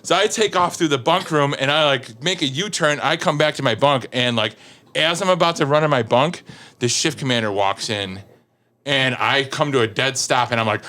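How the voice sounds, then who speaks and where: Chicago-area firefighter guest, slightly high voice, animated storyteller who laughs a lot. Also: male voice, moderate pace. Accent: Chicago-area American. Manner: animated, laughing, full of fillers and acted quotes. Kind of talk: casual storytelling on a podcast.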